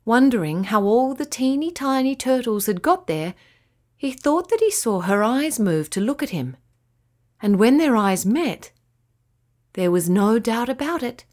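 A woman narrating a children's bedtime story in a gentle, expressive way. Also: a little high.

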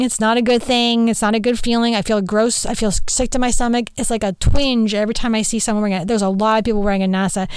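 Chatty woman podcast host, clear voice. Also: a little high, no room sound. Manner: animated, chatty, swears freely. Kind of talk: casual spiritual podcast chat.

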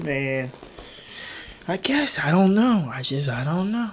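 A man's voice: a little high, very animated, normal speed, husky. Rambling, self-mocking young man. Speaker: podcast host. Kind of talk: casual solo podcast rambling. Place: room at his family home.

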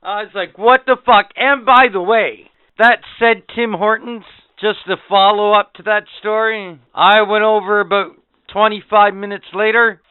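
A man's voice: high-pitched, steady tone, a little slow, clean tone, no echo. A man telling an indignant, profane story in casual podcast chat. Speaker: podcast co-host. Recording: tinny phone-like sound.

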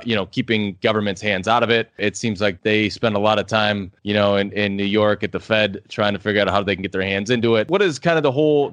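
A man's voice: lowish voice, a bit bright, no echo. A man hosting a podcast, asking easygoing, hedging questions. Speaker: podcast host. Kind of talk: casual interview questions.

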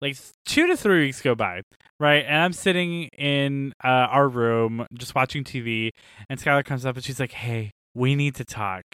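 A man's voice: medium pitch, normal speed, smooth, no room sound, clean studio sound. A young man co-hosting a casual podcast chat, telling stories with lots of laughter and acted-out quotes. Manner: animated storyteller, laughs often. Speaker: podcast co-host.

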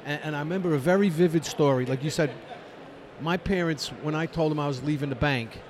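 A man's voice: fairly high pitch, brisk, background noise. A man in his seventies, semi-retired, reminiscing wryly in casual conversation. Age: 70s. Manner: reminiscing, wry. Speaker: semi-retired business owner. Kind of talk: casual storytelling chat. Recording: outdoor crowd chatter behind.

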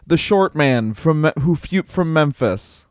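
A man's voice: a little high, expressive, a little slow, no room sound, clean studio sound. A man co-hosting a comedy podcast, riffing in a rambling way and laughing often. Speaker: podcast co-host.

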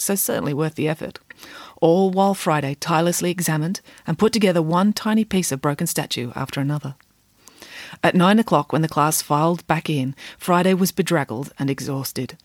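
A woman's voice: lowish voice, dry recording, clean studio sound. A woman reading a children's storybook aloud expressively.

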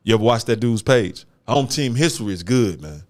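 A man's voice: on the low side, lively intonation, fairly quick. A man hosting a casual talk show, speaking emphatically in street slang and repeating words for stress. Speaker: show host. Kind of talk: casual chat.

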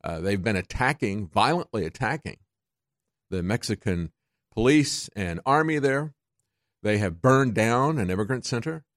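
A man's voice: fairly low pitch, expressive, moderate pace, dry recording. Male radio host, combative and sarcastic monologue, dry close mic. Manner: combative, sarcastic, rising to indignant peaks. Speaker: radio talk show host.

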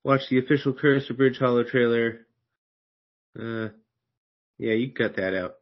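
A man's voice: medium pitch, normal speed. A man co-hosting a movie podcast, teasing his friends and reading movie news in a casual way. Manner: teasing, laughs often. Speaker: podcast co-host. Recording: dull lo-fi sound.

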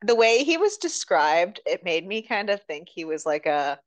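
A woman co-hosting a casual book podcast, retelling scenes with lively quoted voices and laughter. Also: on the low side, normal speed, no room sound. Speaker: podcast co-host.

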